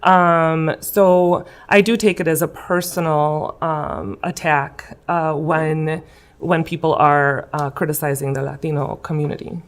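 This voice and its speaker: In a school room, a political candidate in her thirties from West Chicago, Illinois, responds to interview questions with earnest emotion and lots of filler words. Her voice is low, her intonation fairly even, and her pace measured.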